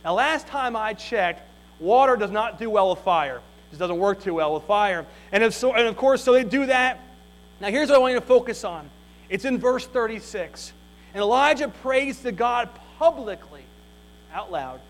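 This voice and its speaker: A male pastor preaching a sermon, reading scripture and retelling the story in a folksy, animated way. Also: high voice, normal speed, rough recording.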